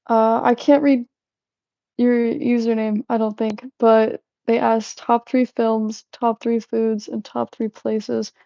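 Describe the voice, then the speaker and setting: A young woman rambles through a casual live-stream chat, giggling, restarting her sentences and drifting between thoughts. Her voice sits a little high but sounds mellow and dark, with a gravelly fry at the ends of her phrases. The sound is dull and lo-fi, and the room is dry and close. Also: level tone, takes it slowly, no echo. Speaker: livestream host.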